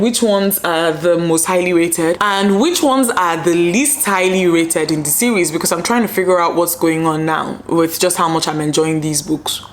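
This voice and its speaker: Woman vlogger, low-pitched, chatty and rambling, casual talk at home, faint background hum. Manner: chatty, rambling, many fillers. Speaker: lifestyle vlogger. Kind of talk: casual vlog chat to camera.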